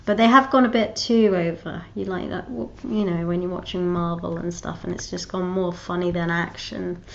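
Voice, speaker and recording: A woman's voice: on the low side, fairly even intonation, normal speed, creaky, dull audio, a little hiss or hum. A woman vlogger chatting casually to her viewers, rambling and restarting her sentences with frequent giggles. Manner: rambling, giggly, self-interrupting. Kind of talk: casual chat to camera.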